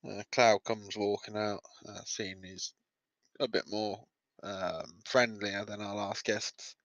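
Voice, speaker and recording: A man's voice: on the low side, level tone, slow pace, a bit bright, no room sound. A male player in a tabletop game who speaks hesitantly and fills gaps with many "uh"s. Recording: dull dry lo-fi audio.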